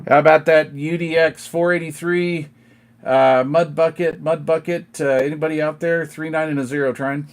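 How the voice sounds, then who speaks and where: With a slightly high, steady voice at normal speed, a middle-aged man chats on a live stream and calls out on CB radio from his kitchen table. His talk is slangy and full of radio lingo, with slight background noise behind him.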